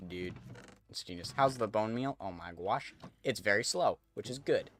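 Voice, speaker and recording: A man's voice: on the low side, lively intonation, normal speed, slight background noise. A man streaming a game, chatting casually to viewers as he thinks aloud and corrects himself. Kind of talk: casual gameplay commentary.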